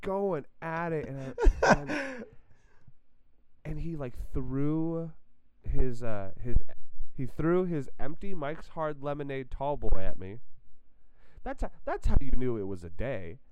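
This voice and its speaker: A man casually telling a story on a podcast, animated and full of filler words and restarts. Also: a little high, slow pace, crowd noise. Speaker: podcast co-host.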